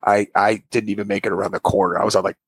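A middle-aged man in casual chat, telling animated stories and acting out what people said. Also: fairly low pitch, very fast, slightly rough, dry recording. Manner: animated storyteller, acts out quoted voices.

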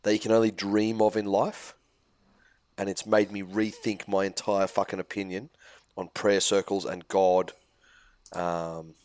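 A man co-hosting a casual podcast, his voice on the low side. The sound is dry and close. He tells stories in a laid-back, joking way and swears casually. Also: little pitch movement, a little slow, a little mellow, no room sound. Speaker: podcast co-host.

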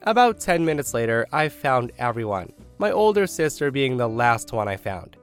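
A man reading a first-person online story aloud, with wry, animated storytelling. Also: medium pitch, moderate pace, clean tone, faint music behind. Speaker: story narrator.

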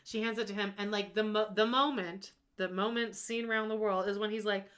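A woman with a bright, forward voice co-hosts a casual podcast. She tells a reality show story with lively energy and mimics each person she quotes. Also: medium pitch, brisk. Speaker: podcast co-host. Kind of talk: casual chat recap of reality TV.

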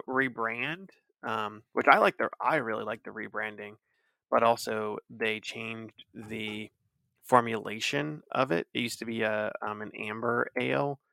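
In a dry, studio-quality recording, a man in his thirties co-hosts a podcast and rambles casually, full of fillers and restarts. His voice is on the low side, creaky, and sharp in tone.

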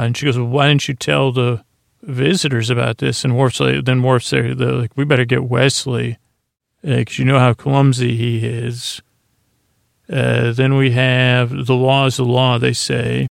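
Soft-spoken rambling man with a gravelly voice. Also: no echo, clean studio sound. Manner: meandering, full of fillers and restarts; soft, low-key delivery. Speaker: podcast host. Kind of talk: rambling bedtime episode recap.

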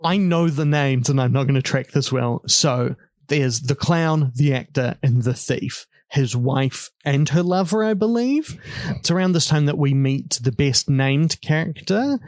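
A man's voice: a little high, expressive, a little slow, darkish tone, dry recording, studio quality. A man co-hosting a casual chat show, talking loosely with fillers and frequent laughs. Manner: chatty, laughs often, hesitant fillers. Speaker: podcast co-host.

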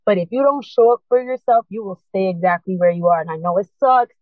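A woman's voice: medium pitch, quick pace, no room sound. A woman speaks with earnest, rising urgency as she tells her own story and urges listeners on. Her voice comes through thin and tinny, like a phone call. There is no room sound around her. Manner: earnest, impassioned, urgent encouragement. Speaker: guest. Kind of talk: emotional personal testimony.

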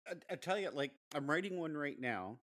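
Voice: medium pitch, lively intonation, a little fast, fairly bright tone. Encouraging podcast host voice. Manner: encouraging, laughing along. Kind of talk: casual interview chat.

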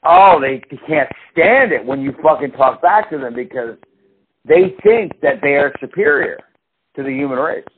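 A man whose voice sits on the high side, with a breathy edge, speaks at normal speed while co-hosting a casual podcast. He's an animated storyteller, swearing plenty and acting out quotes, and the audio sounds tinny, with a faint hiss, like a phone line.

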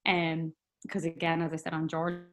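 A young woman telling a personal story in a chatty, rambling way, full of fillers and quick laughs. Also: deep voice, completely flat delivery. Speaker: guest.

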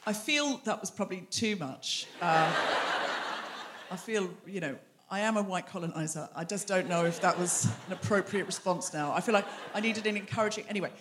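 A woman's voice: mid-range voice, background noise. A woman hosting a live comedy show on a theatre stage, bantering with the audience in a teasing, chatty way. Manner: teasing, chatty crowd work with quick asides. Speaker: host.

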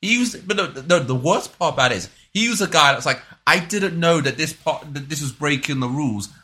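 A man co-hosting a casual podcast, joking and swearing in an animated way. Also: fairly high pitch, brisk. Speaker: podcast co-host. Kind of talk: casual chat.

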